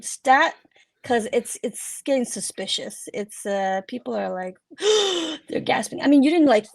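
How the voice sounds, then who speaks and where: A woman narrating a tabletop game as game master, relaxed and hesitant, with many fillers. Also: mid-range voice.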